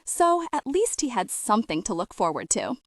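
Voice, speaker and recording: A woman reading a heartwarming audiobook with gentle humor, her pitch rising and falling lively. The sound is close and dry, like a studio read. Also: moderate pace, no room sound. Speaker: narrator. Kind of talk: audiobook narration.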